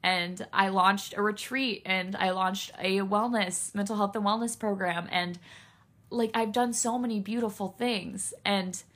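A woman's voice: medium pitch, steady tone, unhurried, fairly bright tone. Candid, emotional woman podcaster. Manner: raw, emotional, candid, swears freely. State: emotional, near tears. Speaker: podcast host. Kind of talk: solo podcast monologue.

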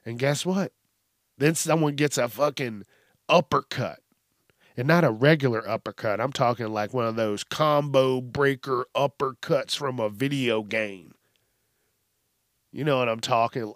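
A man's voice: medium pitch, fairly bright tone, no echo, studio quality. A man hosting a podcast, ranting bluntly in a casual, profanity-heavy style. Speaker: podcast host.

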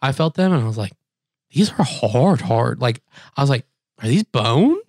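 A man co-hosting a podcast in casual chat, rambling through stories and acting out quoted people in high, squeaky voices. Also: sing-song, normal speed, a little mellow, dry recording, clean studio sound. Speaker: podcast co-host.

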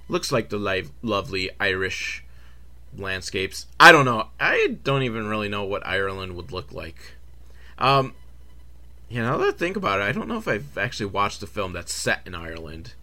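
Rambling, animated man recapping a film. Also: mid-range voice. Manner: rambling, sidetracked, self-correcting, swearing. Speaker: podcast host reviewing films. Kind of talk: casual comedic film recap.

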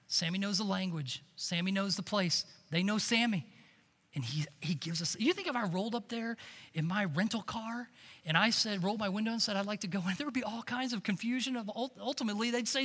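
A man preaching a sermon as a camp director, telling stories and swinging between hushed lines and loud emphatic peaks. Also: high-pitched, animated, moderate pace, husky. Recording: long reverb of a large hall.

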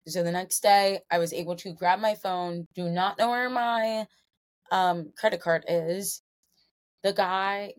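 A woman in her twenties hosting a solo podcast, a little tipsy, telling a long story in a chatty, rambling way with self-corrections. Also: on the low side. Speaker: podcast host.

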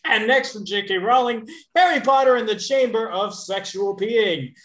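A woman co-hosting a comedy podcast, reading a string of game cards in a repetitive, deadpan way. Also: a little high, moderate pace. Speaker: podcast co-host. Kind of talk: casual comedy chat during a card game. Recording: echoey room.

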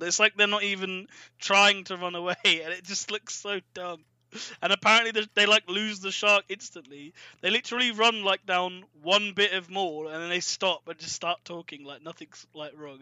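Young man, high bright voice, casual rambling film recap, dry close sound. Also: dry recording, rough recording. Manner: rambling, amused, lots of fillers. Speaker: podcast co-host.

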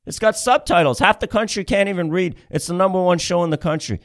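Male comic, fairly high-pitched, sarcastic profane rant delivery. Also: quick pace. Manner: ranting, sarcastic, swears heavily. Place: Ontario, Canada.

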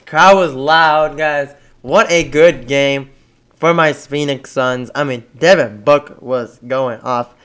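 A man co-hosting a casual sports podcast, excitable and laughing often as he cheers on his team. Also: fairly high pitch, slow, clear, resonant tone. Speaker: podcast co-host.

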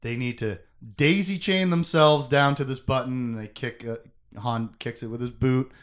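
A man co-hosting a casual book chat, recapping scenes in an animated, joking way. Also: medium pitch, moderate pace. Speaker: podcast co-host.

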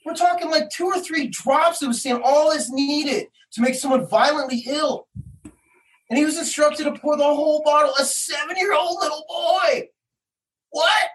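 A man's voice: extremely high pitch, fairly even intonation, normal speed, recorded from a distance, rough recording. A middle-aged man telling an emotional story about his son, agitated, swearing and acting out what others said. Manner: agitated, acts out quotes, swears, rising to shouts. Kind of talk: emotional personal account.

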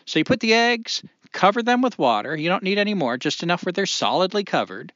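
A man in his forties co-hosts a podcast in loose, rambling talk. His pitch swings widely and his voice has a bright edge. The recording is dry and a bit dull and lo-fi. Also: a little fast, dry recording. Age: 40s. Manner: rambling, animated, many fillers. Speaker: podcast co-host. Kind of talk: casual podcast chat.

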